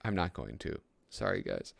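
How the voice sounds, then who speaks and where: A man's voice: rumbling low, big pitch swings, moderate pace, vocal fry. A man hosting a casual comedic commentary, reading old magazine jokes aloud with self-deprecating asides and frequent chuckles.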